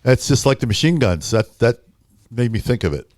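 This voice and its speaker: A man's voice: medium pitch, sing-song, moderate pace, darkish tone, no room sound. An older man, a guest in a podcast studio, telling casual stories with lots of "uh" and "you know" and easy laughs. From Philadelphia area. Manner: laughing, rambling anecdotes with frequent "uh" and "you know". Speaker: podcast guest, hockey arena announcer. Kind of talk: casual storytelling.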